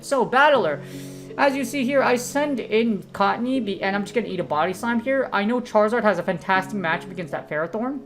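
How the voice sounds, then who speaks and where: A woman giving casual, excitable game commentary as a streamer, rambling off on tangents and full of slang. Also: medium pitch, brisk, faint music behind. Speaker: gaming streamer.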